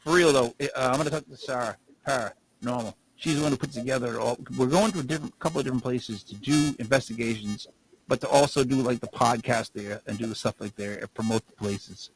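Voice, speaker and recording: A man's voice: mid-range voice, quick pace, slight background noise, rough recording. A man co-hosting a podcast, rambling through casual stories and laughing as he talks. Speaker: podcast co-host.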